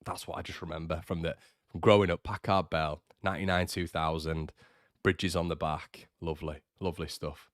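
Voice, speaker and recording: A man's voice: low voice, flat delivery, normal speed, dry recording, clean studio sound. A young man hosting a casual live stream, chatty and teasing as he reads out viewer comments. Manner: chatty and teasing, with frequent fillers and restarts. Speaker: host of a fan channel livestream.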